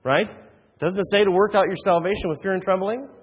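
A man preaching with a somewhat high, husky voice. He delivers an earnest sermon full of restarts and rhetorical questions. His voice carries a long reverb, as in a large hall. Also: fairly quick. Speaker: pastor.

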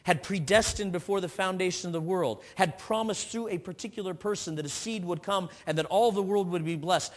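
A man preaching a sermon, reading scripture aloud with frequent restarts, swinging from emphatic peaks down to low, quiet stretches. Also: moderate pace, big-room sound. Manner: earnest, rising to emphatic peaks and dropping low.

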